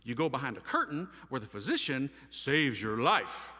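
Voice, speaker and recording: A man giving an energetic, casual storytelling talk about his life, acting out conversations in slang. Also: mid-range voice, normal speed, hardly any pauses, big-room sound. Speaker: speaker giving his testimony.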